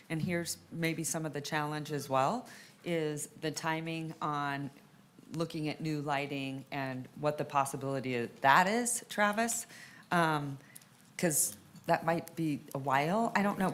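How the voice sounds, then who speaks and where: A woman's voice: low voice, unhurried, a bit bright. A woman chairing a city council meeting as mayor, conversational and joking, thinking aloud.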